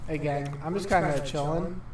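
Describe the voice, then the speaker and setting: A man's voice: a little high, steady tone, normal speed, noisy background. A man casually chatting and joking while streaming a game, swearing freely. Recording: roomy sound from a distant mic.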